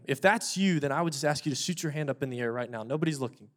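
A man's voice: a little high, fast talker, few pauses, soft background music. A young adult man preaching a sermon with an altar call, earnest and pleading, repeating words for emphasis. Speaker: pastor.

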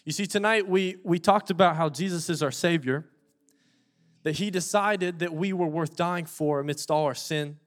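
A man's voice: on the high side, normal speed. A young adult man preaching a sermon with an altar call, earnest and pleading, repeating words for emphasis. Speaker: pastor.

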